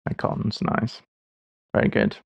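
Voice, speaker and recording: Speaking at a slow pace, a man in his forties streams live and chats casually while solving puzzles, thinking aloud and making wry jokes at his own expense. There's no echo, and the sound is lo-fi.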